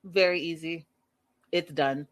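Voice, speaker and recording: A woman's voice: deep voice, steady tone, a little slow. A woman giving blunt, exasperated casual commentary on a reality show, talking straight to the people on it. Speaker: reality TV recap vlogger.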